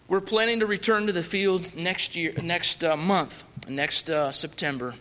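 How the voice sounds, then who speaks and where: A man's voice: high-pitched, steady tone, unhurried, pushed and bright. A man who is a missionary, giving an earnest, emphatic testimony as a guest speaker in a church sanctuary. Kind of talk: sermon testimony. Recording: long church reverb.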